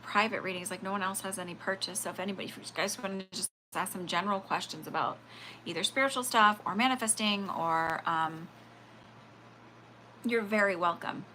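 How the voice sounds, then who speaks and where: Bright-voiced woman chatting on a livestream. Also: mid-range voice, a little fast, a little hiss or hum. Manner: rambling, animated, full of fillers and acted-out quotes. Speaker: livestream spiritual reader. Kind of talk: casual livestream chat.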